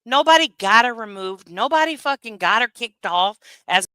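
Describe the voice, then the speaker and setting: Bright-voiced woman ranting on a stream. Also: a little high, animated, moderate pace, smooth, dry recording, studio quality. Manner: profane, heated, rambling with many asides. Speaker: commentary streamer. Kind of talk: ranting livestream commentary.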